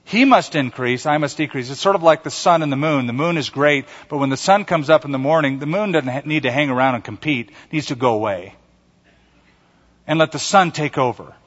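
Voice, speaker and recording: Fairly high-pitched and brisk, a man preaches a sermon as pastor, dramatizing quoted voices with animation. He prompts the congregation to answer and repeat lines. The recording has a dull tone and a lengthy hall echo.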